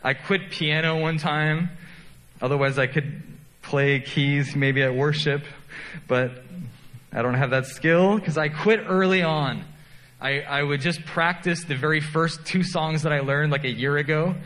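A man's voice: on the high side, unhurried, fairly bright tone, big-room sound, poor audio. A man preaching a sermon as pastor, telling self-deprecating stories in a conversational way.

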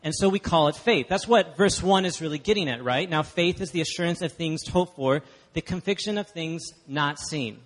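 A man's voice: fairly high pitch, normal speed, hardly any pauses. A man from Texas, preaching a sermon as guest speaker, chatty and emphatic with the congregation. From Dallas, Texas. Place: church hall. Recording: long hall reverb.

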